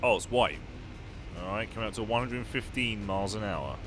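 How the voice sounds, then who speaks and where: A young gaming YouTuber with a lowish voice speaks fairly quickly, giving casual, wry commentary on a racing game and answering his live chat. Game music and car engines play in the background.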